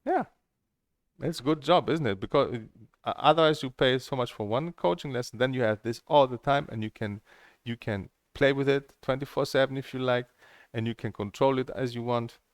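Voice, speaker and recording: Gravelly-voiced man rambling candidly. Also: medium pitch, moderate pace, dry recording, clean studio sound. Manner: candid storyteller who swears freely. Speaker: table tennis coach and streamer. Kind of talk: casual rambling monologue.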